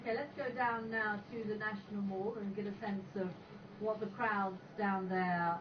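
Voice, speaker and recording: A woman presenting a news special in a measured, formal broadcast style. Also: medium pitch, steady tone, far from the mic. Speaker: news anchor. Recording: TV audio played in an echoey room, heard from afar, dull and noisy.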